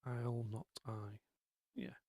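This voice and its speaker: A man chats his way through a casual live stream, wandering off on tangents. His voice is mellow and low-key, recorded close and dry with no room sound. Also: level tone, slow pace, dry recording. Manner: rambling, chatty, lots of ums and asides.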